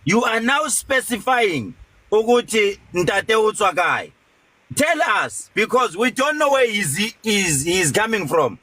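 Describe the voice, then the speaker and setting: Bright, mocking man chairing a debate. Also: sits high, sing-song, unhurried, dry recording, low-quality recording. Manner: mocking, commanding.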